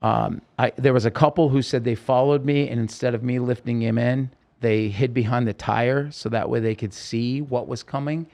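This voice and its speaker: Speaking with a medium-pitched, creaky and slightly mellow voice, a man retells his own experience as a guest on someone else's interview, despite being a podcast host himself. His intonation is fairly even and his pace moderate with hardly any pauses, yet the telling is urgent and vivid, packed with quoted speech and frequent restarts.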